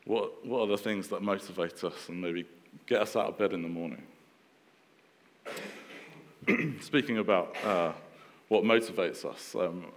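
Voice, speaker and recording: A man in his thirties preaches a relaxed, conversational sermon full of fillers and restarts. His voice is low-pitched, and the sound carries the feel of a big room.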